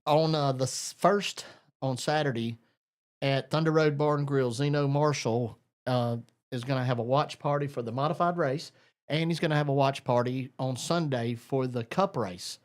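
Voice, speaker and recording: A man's voice: medium pitch, moderate pace. A man hosting a live talk show, folksy and rambling as he greets listeners. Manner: folksy, rambling, Southern "y'all". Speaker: host.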